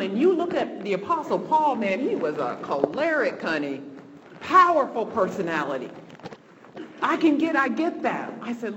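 A woman's voice: a little high, big pitch swings, moderate pace, dull audio, background noise. Impassioned woman preaching in a hall. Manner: impassioned, swinging between hushed and rising. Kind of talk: sermon. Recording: reverberant hall, faint ambience.

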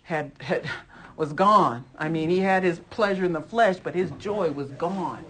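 Low-voiced earnest woman Bible teacher. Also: measured pace, slight background noise. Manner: earnest, emphatic, repeats phrases, many "you know" asides. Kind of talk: conversational Bible lesson sermon.

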